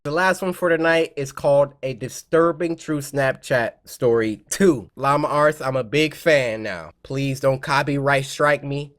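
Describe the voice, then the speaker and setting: A man hosting a horror story reaction show, giving comedic commentary and loudly joking back at the story. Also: medium pitch, a little slow, hardly any pauses, soft background music. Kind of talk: comedic commentary over videos.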